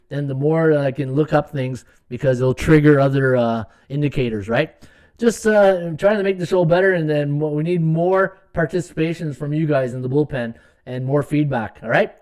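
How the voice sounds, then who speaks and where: A man with a fairly high pitch and darkish tone hosts a live sports betting podcast. He rambles through stats with lots of fillers and restarts, sometimes muttering to himself while checking numbers.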